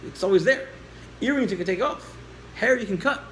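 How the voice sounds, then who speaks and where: A man teaching a class, telling a story with lively acted-out dialogue and questions to the listeners. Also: sits high, fairly quick, a little hiss or hum, low-quality recording.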